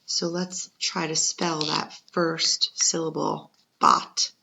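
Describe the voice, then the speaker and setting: Slow, patient woman teaching spelling. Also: low voice, little pitch movement, gravelly, pushed and bright. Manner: slow, patient, encouraging, sounds out syllables. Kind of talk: second-grade spelling lesson. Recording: muffled lo-fi recording.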